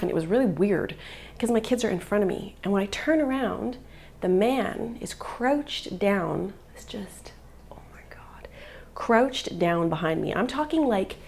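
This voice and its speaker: A woman's voice: fairly low pitch, a little mellow, a little hiss or hum. A mother vlogging live, telling an upsetting story in an agitated, emotional way and filling it with "like.". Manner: agitated, upset retelling with many "like" fillers.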